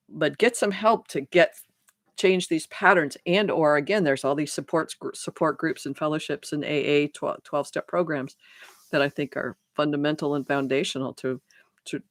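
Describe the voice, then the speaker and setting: A woman's voice: sits low, dry recording, clean studio sound. A middle-aged woman life coach giving an unscripted live talk to viewers, earnest and reflective, often restarting her sentences.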